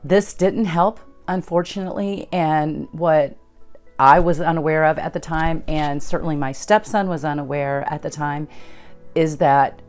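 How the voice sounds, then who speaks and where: A woman's voice: low-pitched, fairly even intonation, unhurried, a little mellow, faint music behind. A woman host telling a personal story in a conversational way, recounting events and acting out what people said. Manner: conversational, retells events with quoted dialogue. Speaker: channel host.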